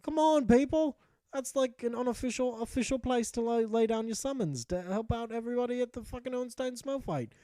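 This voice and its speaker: A man's voice: extremely high pitch, a little fast, dark tone, no room sound. A young man narrating his gameplay as a mock-epic tale, jokey and profane with ranting asides. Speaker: gameplay commentator.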